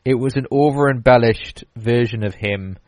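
A man's voice: medium pitch, moderate pace, darkish tone, no room sound. Rambling man, dry close sound. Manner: rambling, many fillers and restarts. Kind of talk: casual chat.

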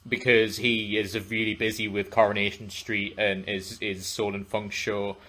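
Rambling podcast host. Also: male voice, lowish voice, flat delivery, moderate pace, pushed and bright. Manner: rambling, self-correcting storyteller with frequent fillers. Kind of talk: casual chat.

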